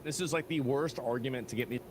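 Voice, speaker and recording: A man's voice: mid-range voice, fast talker, reverberant. A man streaming, talking defensively and dismissively, heard from a replayed clip. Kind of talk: casual stream talk. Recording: clip replayed with loud noise.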